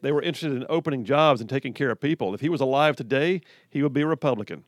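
A man's voice: medium pitch, very fast, dry recording, studio quality. A man hosting a call-in radio show, reading texts and taking callers in an upbeat, chummy way. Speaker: radio talk show host.

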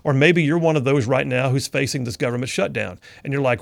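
A man's voice: medium pitch, a little fast, vocal fry, no room sound, clean studio sound. A middle-aged man hosting a talk radio show, telling an army story in an earnest, folksy way that turns preacher-like. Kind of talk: storytelling commentary.

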